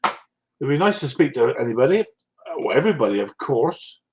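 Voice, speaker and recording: A man with a West Country English accent talking on a live stream at a middling pitch. He rambles in a chatty way and chuckles as he answers viewers. The stream audio sounds dull and lo-fi. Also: sing-song, moderate pace, a little mellow, slight background noise. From South West England. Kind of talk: casual live-stream chat.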